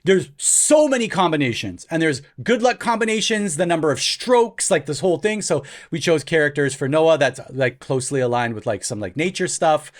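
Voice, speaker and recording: A man's voice: fairly high pitch, animated, normal speed, hardly any pauses. A man in his thirties, co-hosting a podcast, tells a long story in a loose, rambling way full of fillers. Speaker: podcast co-host. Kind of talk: casual chat.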